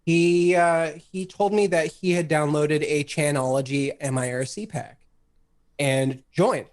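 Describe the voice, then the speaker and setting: A man's voice: a little high, fairly even intonation, a little slow. A man guesting on a live talk stream, speaking bluntly and profanely in a rambling casual way. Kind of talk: casual livestream chat.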